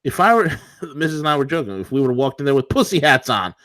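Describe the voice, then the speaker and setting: A man's voice: mid-range voice, big pitch swings, fast, fairly bright tone, dry recording. A man co-hosting a political talk show, ranting combatively and sarcastically.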